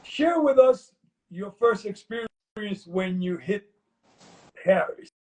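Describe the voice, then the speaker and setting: A man's voice: high voice, lively intonation, takes it slowly, a little mellow. A man hosting an interview, asking eager, curious questions. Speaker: host.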